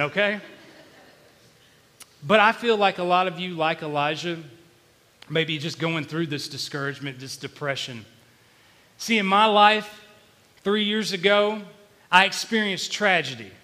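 Male preacher, bright forceful tone, emotional confessional delivery, big church reverb. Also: high-pitched. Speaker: pastor. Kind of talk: sermon. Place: church sanctuary.

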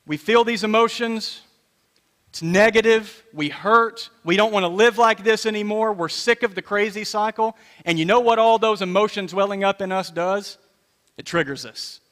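A man's voice: high voice, moderate pace, fairly bright tone. A man in his fifties, a pastor, preaching a sermon in a conversational, storytelling way with repeated phrases. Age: 50s. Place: church sanctuary. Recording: long reverb of a church hall.

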